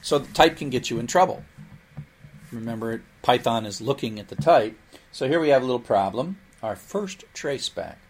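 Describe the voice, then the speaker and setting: A man teaching programming in a recorded lecture, explaining in a lively way with playful asides. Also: medium pitch, normal speed, slight background noise. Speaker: programming instructor.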